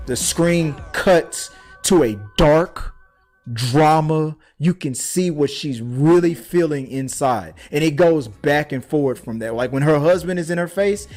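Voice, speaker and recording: An excited young man gushes in a loose, rambling way, stopping and restarting his sentences as he talks. He's on a casual podcast panel, speaking into a webcam mic, with faint music somewhere behind him. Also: medium pitch. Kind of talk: casual chat.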